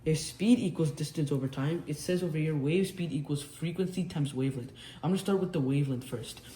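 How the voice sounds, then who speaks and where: Drawing on a whiteboard, a young man gives a casual physics explainer, often breaking off to restart a sentence or fix what he said. He speaks fairly quickly in a warm, somewhat high voice, and the recording is roomy with faint noise behind him.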